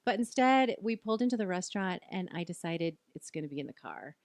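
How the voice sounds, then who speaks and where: A woman in her forties telling a personal story in a casual podcast chat, animated and laughing, acting out what people said. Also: mid-range voice, fast talker, dry recording, studio quality. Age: 40s. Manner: animated, laughing, acts out quoted voices. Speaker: guest.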